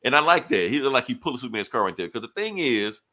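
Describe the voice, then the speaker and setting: A young man co-hosting a podcast, retelling a comic book story in casual chat, acting out characters' lines with swearing and quick asides. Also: medium pitch. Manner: animated storytelling, casual profanity, quick quoted dialogue. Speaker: podcast co-host reviewing comics.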